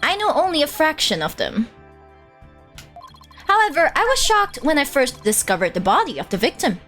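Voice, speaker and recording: Girl doing a flat robot-sounding bomb squad guy, slow and even, video game witness. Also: high voice, faint music behind, pitched above the performer's own voice, heavily acted. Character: flat robotic-talking male bomb disposal expert.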